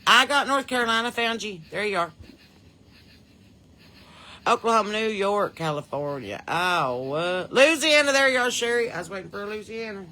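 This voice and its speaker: A woman's voice: mid-range voice, animated, moderate pace, sharp tone. A woman with a Southern US accent hosting a casual podcast livestream, greeting viewers by name and home state in a chatty, folksy way. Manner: chatty, folksy, reads out viewers' names and places. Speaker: podcast host.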